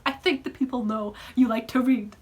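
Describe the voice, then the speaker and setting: A woman in her twenties with a soft southwest Scottish accent, chatting to camera in a bubbly, rambling and self-mocking way with frequent laughs. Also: on the high side, fairly even intonation, normal speed, slightly rough. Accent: southwest Scottish, softened. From Scotland. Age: 20s. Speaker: book vlogger. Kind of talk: casual chat to camera.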